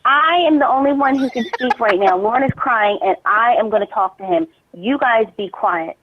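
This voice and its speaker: A woman's voice: on the high side, expressive, moderate pace, noisy background. A woman speaking in a soothing, coaxing way on a recorded phone call. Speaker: prank caller on a recorded call. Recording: tinny dry phone line.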